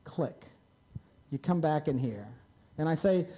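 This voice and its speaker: A man's voice: a little high, expressive, measured pace, dark tone. A man in his fifties, a psychiatrist, giving a blunt, wry lecture to a live audience and prodding them with questions. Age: 50s.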